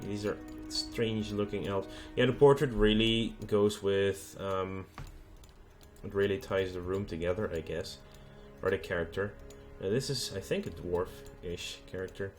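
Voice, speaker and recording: Man, let's play host, low-ish voice, hesitant and casual, lots of ums. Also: measured pace, faint music behind. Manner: hesitant, thinking aloud with many fillers. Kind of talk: casual gameplay commentary.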